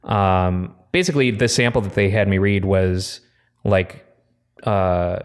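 Young man, low voice, rambling, filler-heavy podcast storyteller. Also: measured pace, smooth. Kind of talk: casual chat.

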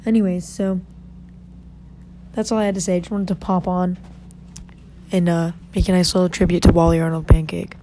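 A woman's voice: lowish voice, level tone, fairly quick, pauses often, mellow, a little hiss or hum. A young woman chatting casually to her listeners, telling a story in a chatty, dramatic way. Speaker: podcaster. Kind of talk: casual chat.

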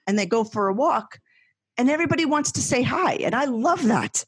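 A middle-aged woman with a husky, breathy voice tells animated, rambling stories as a guest in a casual conversation. She laughs often as she talks. The recording is close and dry. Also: a little high, brisk, no echo. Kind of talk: casual chat.

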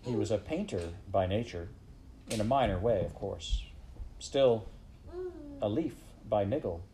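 A man voicing a gentle but authoritative male figure who sounds hopeful and sad, in an audiobook. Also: fairly low pitch, a little hiss or hum, close to an everyday voice, rough recording. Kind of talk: audiobook character reading.

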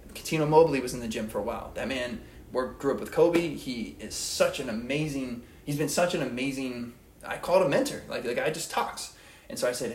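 Earnest young man in an echoey room. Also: medium pitch. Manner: earnest, rambling, repeats phrases. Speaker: podcast host. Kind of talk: motivational monologue.

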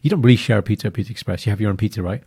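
A man co-hosting a podcast in casual, animated chat, laughing and using slang. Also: fairly low pitch, very fast, slightly rough. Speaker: podcast co-host.

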